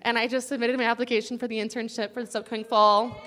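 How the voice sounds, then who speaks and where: A woman's voice: fairly high pitch, flat delivery, quick pace, noisy background. A young woman casually sharing a personal testimony with a campus group, earnest and chatty and at times close to tears. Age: young adult. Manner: earnest, casual, chatty with many likes and guys.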